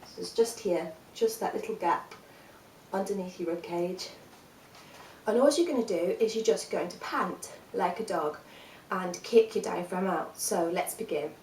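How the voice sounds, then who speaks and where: A woman with a fairly low voice leads a singing workshop, calm and encouraging as she explains each exercise step by step. Her voice carries the echo of a hard room and sits a little back from the mic, with a faint hiss behind it. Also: unhurried, recorded from a distance. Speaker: singing teacher. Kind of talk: vocal workshop instruction.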